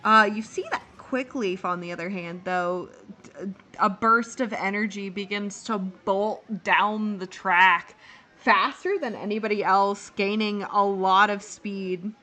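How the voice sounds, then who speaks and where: A woman's voice: medium pitch, steady tone, a little slow, sharp tone. A woman narrating a live tabletop game as dungeon master, rambling with many fillers.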